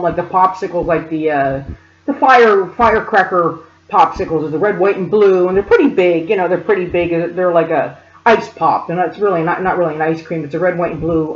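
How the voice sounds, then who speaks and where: Animated woman telling a story, echoey room. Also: mid-range voice. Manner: animated, addresses listeners directly. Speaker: spiritual reader and speaker. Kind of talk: storytelling monologue. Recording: roomy, dull lo-fi sound.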